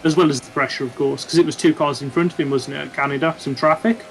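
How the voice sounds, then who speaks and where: A man co-hosting a casual podcast, measured, reasoning his points through aloud. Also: on the high side, steady tone, rough recording. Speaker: podcast co-host. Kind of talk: casual chat.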